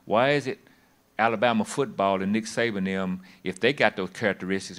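A man's voice: on the low side, fairly quick, fairly bright tone. A man preaching a sermon, folksy and emphatic, with bits of humor.

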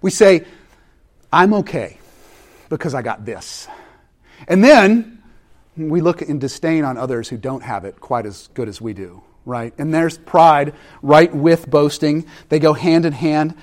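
A man delivers a sermon with a fairly high-pitched voice. He is animated, building emphasis and then pulling back into quiet, intense asides. The delivery is conversational, as a pastor addressing his congregation. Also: a little slow.

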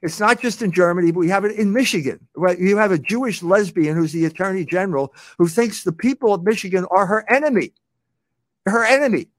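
A man's voice: high voice, fast, hardly any pauses, no echo, studio quality. A man commenting on a clip in a mocking manner, laughing and repeating his words.

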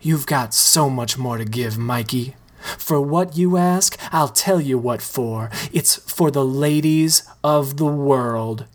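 A reader voicing Rome, a woman coach giving an emphatic pep talk to male dancers, slow and unhurried. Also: rumbling low, exaggerated voice. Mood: rousing.

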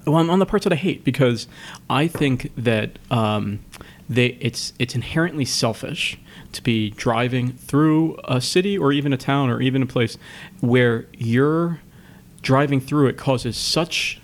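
A man chatting casually as a podcast co-host. He talks in halting bursts, restarting and repeating words as he gathers his thoughts. His voice sits at an ordinary middle pitch. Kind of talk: casual chat.

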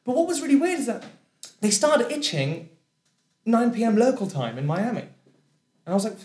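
A man with a British accent telling a comedic true story, animated, restarting sentences and laughing through his lines. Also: very high voice, normal speed, pauses often. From France. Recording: roomy echo.

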